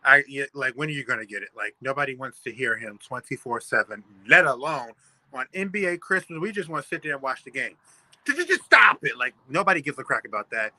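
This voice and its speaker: A man's voice: medium pitch, quick pace, sharp tone, dry recording. A man co-hosting a sports podcast, ranting emphatically in casual talk. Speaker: podcast co-host.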